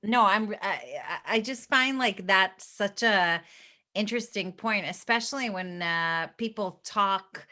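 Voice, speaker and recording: A woman co-hosting a podcast, asking questions in casual chat with eager, halting restarts. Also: mid-range voice, pushed and bright. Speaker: podcast co-host.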